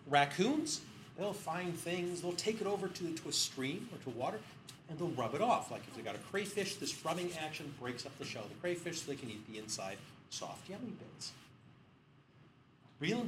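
A man's voice: a little high, background noise. A middle-aged man giving a psychology lecture, telling stories animatedly and acting out the people in them. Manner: animated storytelling, voicing characters in quotes. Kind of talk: lecture with acted-out anecdotes.

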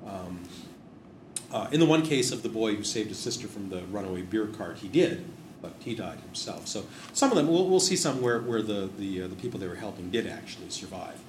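A man's voice: on the low side, animated, a little fast. A man casually explaining old stories in a rambling, digressive and wry way. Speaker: host discussing memorial plaques. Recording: roomy echo with background noise.

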